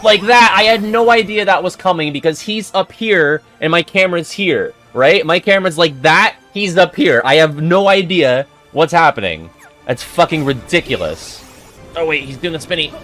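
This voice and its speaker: Excitable, profane young gamer guy. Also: a little high, normal speed, soft background music. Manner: profane, excitable, jokey rambling. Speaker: gamer and video host. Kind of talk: let's-play game commentary.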